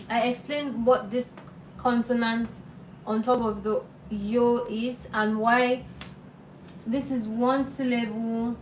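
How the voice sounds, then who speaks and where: A woman teaching a live online beginner lesson, patient and repeating words slowly for learners. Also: a little high, echoey room, distant mic, a little hiss or hum, rough recording. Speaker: language teacher.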